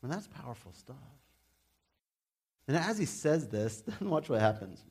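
A male pastor preaching in a relaxed, conversational way. He shifts into animated, humorous asides, and his voice sits at a middle pitch. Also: a little slow, husky. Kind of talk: sermon.

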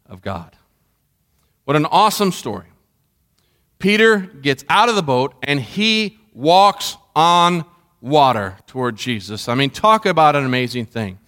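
A middle-aged pastor giving a sermon from a church stage, chatty and asking the congregation questions. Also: male voice, a little high, a bit bright. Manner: conversational, asks the congregation questions.

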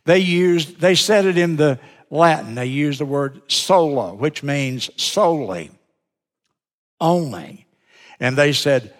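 Slow, deliberate preacher in a reverberant sanctuary. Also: male voice, on the high side, expressive. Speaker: pastor. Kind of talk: sermon. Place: church sanctuary. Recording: long reverb of a church sanctuary.

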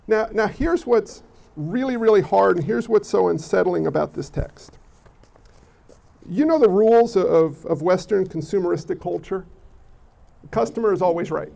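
A man preaching a sermon in an animated way. He often repeats words as he builds his points. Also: high-pitched, normal speed, vocal fry. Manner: animated, repeats words, acts out quoted people. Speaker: pastor. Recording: dull lo-fi recording.

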